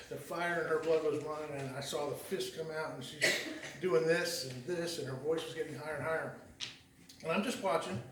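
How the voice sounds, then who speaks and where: A man's voice: on the high side, slight background noise. A man giving a conversational sermon, telling a story in a folksy, rambling way, often restarting and repeating words. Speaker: lay preacher. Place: church sanctuary. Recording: echoey church hall heard from a distance.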